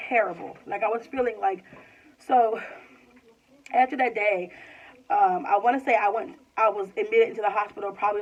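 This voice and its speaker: A woman in her twenties casually telling a personal story, full of "like" and rambling restarts. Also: mid-range voice. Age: 20s. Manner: chatty, fills with "like", rambling restarts. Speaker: vlogger. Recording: slightly distant, dull lo-fi sound.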